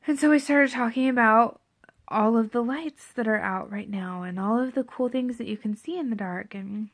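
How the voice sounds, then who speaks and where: A woman's voice: fairly high pitch, moderate pace. A pregnant young woman telling a parenting story to camera in a candid, reflective way, often dropping to a near whisper. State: seven and a half months pregnant. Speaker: parenting vlogger.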